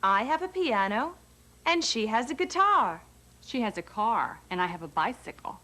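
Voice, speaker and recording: Bright, lively woman in a course dialogue. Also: on the high side, normal speed.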